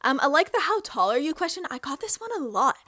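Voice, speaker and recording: A woman's voice: high-pitched, sing-song, fast, pushed and bright, dry recording, studio quality. A Canadian woman in her twenties hosting a casual question-and-answer vlog, chatty and self-amused. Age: 20s. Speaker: host.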